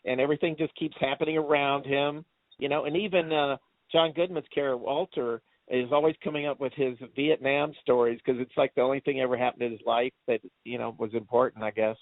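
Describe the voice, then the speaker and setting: Excitable laughing man, tinny dry sound. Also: medium pitch, a little fast, no room sound. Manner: laughs often while retelling scenes, excitable. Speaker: co-host reviewing movies. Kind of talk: casual chat.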